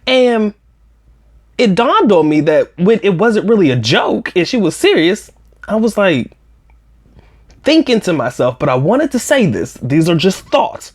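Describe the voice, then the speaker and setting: A man hosting a storytime vlog, telling a personal story in a slangy, profane, animated way. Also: high voice, measured pace. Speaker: vlog host.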